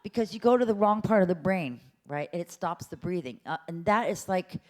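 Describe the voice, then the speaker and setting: A woman coaches a room through a vocal workshop, her voice swooping freely from low to high as she shows each sound. She talks in a chatty, playful way and breaks into meows and hums to demonstrate. Her speaking voice sits a little low. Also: expressive, a little fast, darkish tone. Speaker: voice teacher. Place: lecture room at a symposium.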